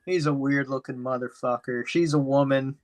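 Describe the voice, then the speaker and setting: A man's voice: medium pitch, fairly even intonation, moderate pace. A man co-hosting a podcast, recapping a movie plot in a rambling, profane way, packed with "you know.". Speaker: podcast co-host. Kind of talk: casual chat, movie recap.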